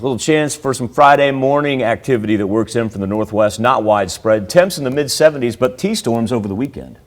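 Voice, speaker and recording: A man with a fairly low voice delivers the morning weather on local TV. His delivery is upbeat and conversational, and he walks viewers through temperatures and the radar. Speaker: weather forecaster. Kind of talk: TV weather forecast.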